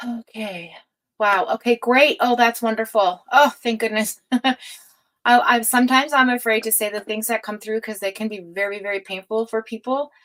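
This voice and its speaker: A woman's voice: a little high, steady tone, moderate pace, poor audio. Emotional woman reading tarot on a livestream. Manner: warm, emotional, affectionate, with many fillers and sighs. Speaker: tarot reader and livestream host.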